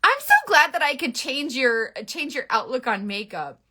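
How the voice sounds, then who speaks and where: A woman giving a chatty makeup tutorial, frank and a little bossy, with quick asides. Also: sits high, very animated, sharp tone. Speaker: makeup influencer. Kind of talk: casual makeup tutorial to camera.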